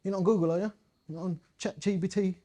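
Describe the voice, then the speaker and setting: A man's voice: high voice, fairly even intonation, fast, dark tone. A man leading a live coaching workshop, playful and slangy, quizzing his audience as he goes. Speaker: community coaching trainer.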